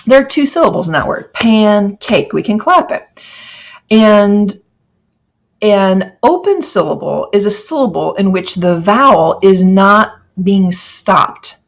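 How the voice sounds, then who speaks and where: A middle-aged woman teacher giving a recorded phonics lecture, slowly stretching out example words. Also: mid-range voice, lo-fi sound.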